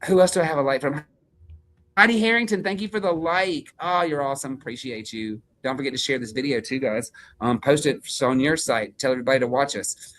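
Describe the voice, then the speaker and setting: A man's voice: medium pitch, brisk, fairly bright tone. A man co-hosting a casual live stream, gushing in baby talk and cheering viewers on as he signs off. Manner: gushing baby talk, upbeat sign-offs. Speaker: co-host of a sewing shop live stream. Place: away from the shop, joining remotely.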